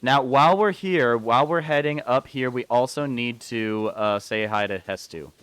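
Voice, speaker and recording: A man streaming a video game, chatting and rambling casually with excitable outbursts. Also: mid-range voice, normal speed, clear, resonant tone, no room sound. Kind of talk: casual gameplay commentary.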